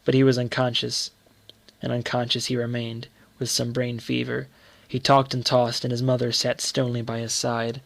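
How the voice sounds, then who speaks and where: Gravelly man narrating a story. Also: medium pitch, completely flat delivery, fairly bright tone, no room sound. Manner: measured, dramatic storytelling. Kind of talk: scripted narration of a short story.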